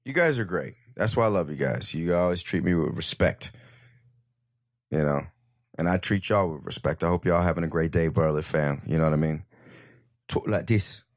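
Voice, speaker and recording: A man's voice: low voice, a little fast, dry recording, studio quality. A man hosting a casual comedy podcast, rambling and cursing with hyped-up energy. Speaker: podcast host.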